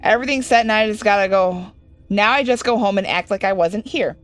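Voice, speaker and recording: A woman's voice: medium pitch, fairly quick, no echo. A young woman hosting a horror game playthrough, reading the game text aloud with joking asides. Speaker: gaming video host. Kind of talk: casual let's-play commentary.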